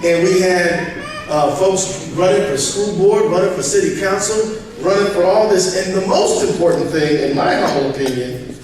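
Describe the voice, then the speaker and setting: A man's voice: high-pitched, moderate pace, a little mellow, a little hiss or hum. A man giving a public speech, telling stories in a conversational way with asides to the audience. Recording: echoey hall from far off.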